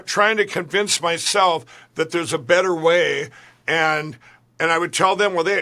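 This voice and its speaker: A man's voice: a little high, pushed and bright. A man being interviewed, telling a long personal story in a rambling way, full of restarts. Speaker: guest. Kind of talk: conversational interview.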